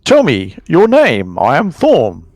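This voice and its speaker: A formal, earnest adventurer, played by a man, addresses a creature in stately phrases. The voice rides higher than the performer's own and swings up and down. The recording is close and dry. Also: huge pitch swings, takes it slowly, a little mellow, no echo, heavily acted.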